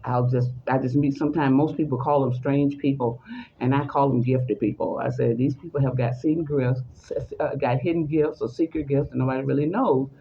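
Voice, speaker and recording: A woman's voice: a bass voice, brisk, dull audio, slight background noise. A woman telling a personal story in conversation, acting out the voices of the people in it. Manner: animated, acts out the voices in her story.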